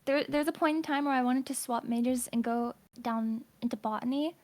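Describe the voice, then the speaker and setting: A woman's voice: high voice, a little fast. A young woman student chatting on a voice call, rambling through imaginative ideas and teasing with frequent laughs. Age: young adult. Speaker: streamer. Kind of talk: casual chat.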